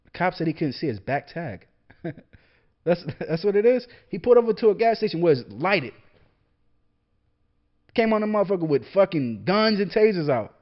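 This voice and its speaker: A young man holds forth alone in a casual monologue, his voice high and swinging widely in pitch. He swears freely and trips over repeated words as he gets fired up. The recording is dull and lo-fi. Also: very animated, moderate pace, pauses often. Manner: heated, profane, repeats words when worked up. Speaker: podcast host, military veteran. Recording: dull lo-fi sound.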